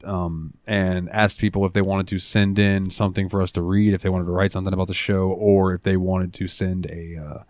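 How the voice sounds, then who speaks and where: Dude hosting a gaming podcast, kinda low voice, rambly and relaxed, dry close sound. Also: male voice, brisk, hardly any pauses, no room sound. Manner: laid-back, rambling, swears casually. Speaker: podcast host. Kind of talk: casual chat.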